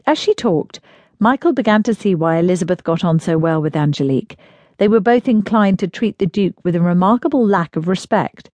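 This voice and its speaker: A woman narrating an audiobook in a smooth, even storytelling manner, close to the mic. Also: lowish voice, a little fast, dry recording. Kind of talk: scripted narration of a period romance.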